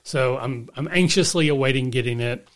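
A man co-hosting a gaming podcast, giving updates in a measured, conversational way. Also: medium pitch. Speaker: podcast co-host. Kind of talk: casual podcast chat.

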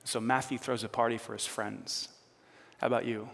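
A man preaching a sermon as pastor, animated and conversational with a teasing edge. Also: mid-range voice, moderate pace, gravelly. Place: church. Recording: reverberant church hall.

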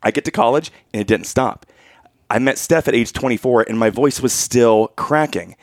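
A man's voice: mid-range voice, moderate pace, no echo, studio quality. A man co-hosting a casual chat, telling personal stories animatedly and laughing often. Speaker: podcast co-host.

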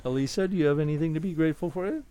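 A man's voice: fairly high pitch, very fast, crowd noise. A man hosting a podcast in casual chat who laughs easily and moderates the talk. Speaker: podcast host.

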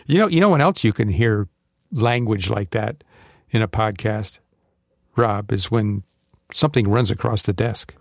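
A man's voice: on the low side, moderate pace, creaky, dry recording, clean studio sound. A man hosting an aviation podcast, chatting casually and reading out the closing details. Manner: friendly, wraps up the show. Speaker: podcast host. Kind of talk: casual chat and show sign-off.

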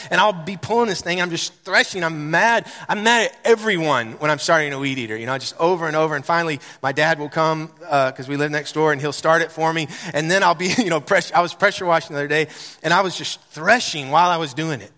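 A man in his thirties preaching a sermon, animated and building to loud repeated declarations. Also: fairly high pitch, fast, in a large hall. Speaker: pastor. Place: church sanctuary.

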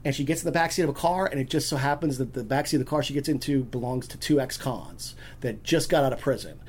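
A man's voice: medium pitch, fast, slightly rough. A man chatting as a podcast guest, rambling through stories with many restarts. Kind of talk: casual chat.

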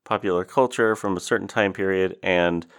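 A man's voice: low voice, normal speed, clean tone. A man co-hosting a podcast in casual chat, blunt and sarcastic, with dry humor. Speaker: podcast co-host.

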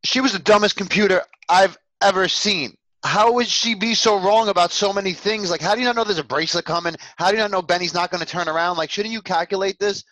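A man's voice: sits high, fast, hardly any pauses, a bit bright, no room sound, rough recording. Sarcastic blunt man. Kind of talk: casual TV show discussion.

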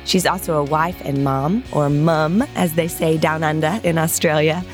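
Upbeat woman podcast host with an Oklahoma accent, low voice, bubbly delivery. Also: steady tone, normal speed, soft background music. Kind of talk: scripted intro and casual chat.

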